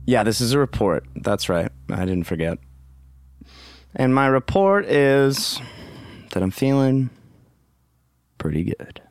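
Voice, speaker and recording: A man's voice: mid-range voice, big pitch swings, slow pace, pauses often, smooth. A man hosting a casual comedic podcast on his own, goofy and rambling, swearing freely and slipping into silly voices. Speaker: podcast host.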